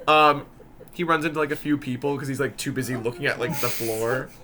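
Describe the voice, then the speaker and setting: A man's voice: mid-range voice, fairly quick, crowd noise. A man narrating as game master in a rambling, laughing way full of fillers.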